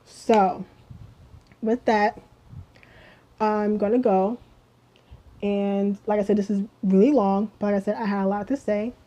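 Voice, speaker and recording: A woman's voice: medium pitch, fairly even intonation, unhurried, pauses often, dark tone. A woman ranting to camera in a vlog, heated and emphatic, swearing often and repeating herself with lots of fillers. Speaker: vlogger. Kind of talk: casual rant to camera. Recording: dull lo-fi audio.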